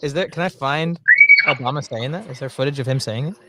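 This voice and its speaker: A man's voice: medium pitch, fairly quick, heavy background noise. A man hosting a casual podcast chat, joking in a mock-preachy way. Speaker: podcast host.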